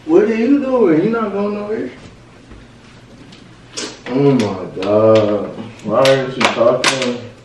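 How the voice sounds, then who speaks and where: Give me a playful young man of middle pitch who keeps repeating his teasing pleas. He sounds a step back from the mic in a bare, echoey room with a light hiss behind him. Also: expressive, takes it slowly, pauses often, far from the mic. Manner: teasing, pleading, repeats himself a lot. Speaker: vlogger. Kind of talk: casual playful chat.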